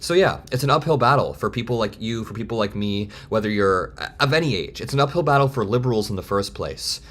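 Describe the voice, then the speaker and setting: A man in his twenties giving heated, fast political commentary straight to camera. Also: lowish voice, animated, fairly bright tone. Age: 20s. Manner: heated, fast, worked-up ranting.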